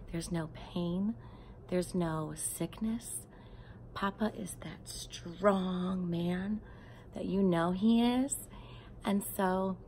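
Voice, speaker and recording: A woman reading a storybook aloud and then talking tenderly to her grieving nephews, often dropping into a soft whisper. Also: mid-range voice, gravelly, slight background noise. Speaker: aunt speaking to grieving nephews.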